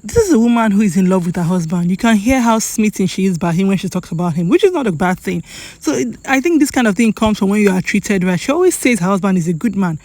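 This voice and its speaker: A Nigerian woman talks straight to camera in a chatty gossip vlog, leaning on her points and saying them twice over. Her voice sits at a middling pitch and sounds close and dry, with no room around it. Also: lively intonation, fast, darkish tone, no room sound. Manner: chatty, emphatic, repeats for effect. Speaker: celebrity gossip vlogger. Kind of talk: casual commentary to camera.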